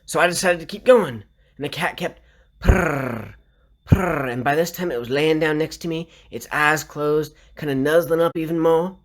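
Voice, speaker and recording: A man with a Southern US accent tells funny stories and jokes in a casual story-time session, his voice fairly high and his pace fairly quick. He plays around by acting out sounds, like purring.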